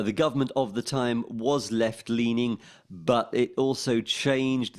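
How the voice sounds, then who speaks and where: A middle-aged man with a London accent, answering interview questions in a rambling way with many fillers and restarts. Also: medium pitch. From England. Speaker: interviewee, former pirate radio DJ. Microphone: desk microphone.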